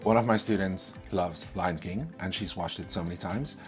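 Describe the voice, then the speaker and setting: A man's voice: low-pitched, moderate pace, faint music behind. A man giving a casual video lesson as an English speaking-test tutor, stressing key words and repeating them.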